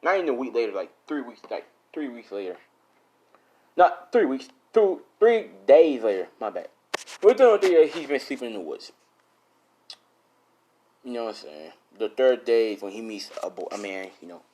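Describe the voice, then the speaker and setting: A man's voice: lowish voice, lively intonation, a little fast, darkish tone. Rambling young man telling a fan story. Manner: rambling, self-correcting, swears a lot. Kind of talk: casual improvised fan story.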